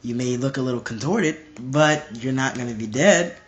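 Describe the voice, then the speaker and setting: A man's voice: medium pitch, moderate pace, fairly bright tone, lo-fi sound. A young man preaching informally to a live stream, emphatic and repetitive, often restarting his phrases.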